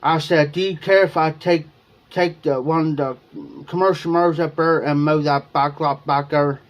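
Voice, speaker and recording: A man's voice: fairly high pitch, steady tone, moderate pace, dull audio. A man hosting a livestream, telling a long personal story in a rambling way, repeating himself and quoting what was said. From Ohio. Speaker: livestream host. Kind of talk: casual storytelling to viewers.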